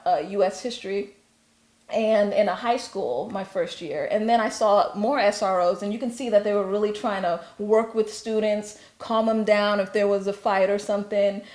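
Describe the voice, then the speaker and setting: Calm explaining woman in an echoey room. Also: mid-range voice. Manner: calm, explanatory, uses teaching comparisons. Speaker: guest, historian and teacher. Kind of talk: casual conversation.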